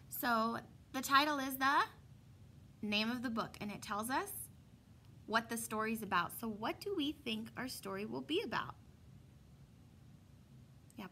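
A woman's voice: on the high side, sharp tone, slight background noise. A young woman, a kindergarten teacher, reading a picture book aloud to young children, asking them questions and answering them herself, with chatty asides. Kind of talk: read-aloud story lesson for young children.

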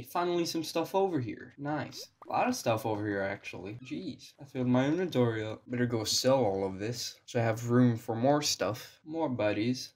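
Young dude cussing through a farm game, sarcastic, voice kinda strained. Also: male voice, mid-range voice. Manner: sarcastic, profane, talks to himself. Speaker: gaming video creator. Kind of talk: casual gameplay commentary.

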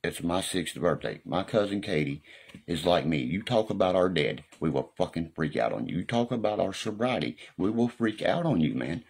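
A man's voice: sits low, animated, moderate pace, creaky, a little mellow, breathy edge. A man talking casually on a live stream in a rambling, profane way, often asking if you know what he means. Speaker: livestreamer. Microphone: phone or webcam on a live stream.

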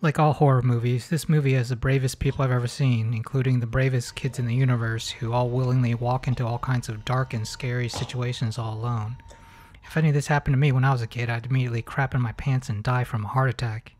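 A man's voice: medium pitch, steady tone, quick pace, a little mellow, slight background noise. A man hosting a comedic movie commentary, mocking the film in a sarcastic tone. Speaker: host.

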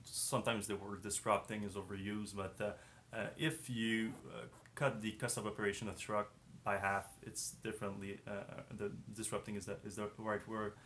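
Hosting a casual live-stream discussion, a man talks hesitantly with many fillers and restarts while losing his voice, which sounds strained, and he clears his throat. His voice is on the low side, flat and fairly bright, at a moderate pace, with a little hiss or hum in the background.

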